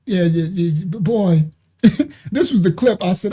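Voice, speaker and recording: With soft music playing behind her, a woman talks unhurriedly in a fairly low, mellow, animated voice. She's hosting a live reaction stream at her computer while sharing her screen, chatty and mocking, often laughing and full of slang.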